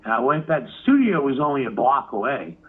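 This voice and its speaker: Over narrow, phone-like audio, a rock musician being interviewed spins lively anecdotes, cursing liberally and voicing the other characters' quotes. He speaks in a very animated mid-range voice, a little fast, with a breathy edge.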